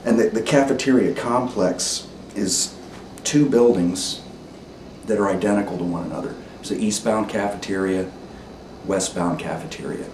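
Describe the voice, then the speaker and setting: Low-voiced man telling a story carefully. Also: darkish tone. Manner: deliberate, careful, with pauses and ums. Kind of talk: measured spoken storytelling. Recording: roomy, distant mic with noise.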